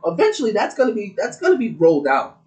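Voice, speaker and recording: A man in casual co-host chat with a swooping, very lively voice. He talks loud, profane and joking throughout. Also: high-pitched, quick pace, soft background music, rough recording.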